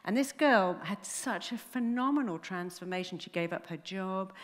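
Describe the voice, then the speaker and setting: A middle-aged woman tells a story on stage, animating it by acting out each person she quotes. Her voice sits at an ordinary pitch for a woman. A long reverb from a large hall trails after her words. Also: expressive, moderate pace. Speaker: speaker telling a client story. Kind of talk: storytelling talk to an audience.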